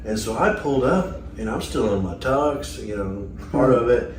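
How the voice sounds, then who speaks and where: Middle-aged man, animated storyteller, recorded from across an echoey room. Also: mid-range voice, moderate pace, distant mic, a little hiss or hum. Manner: animated storyteller, acts out quotes. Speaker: host, musician. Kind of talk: casual reminiscing chat.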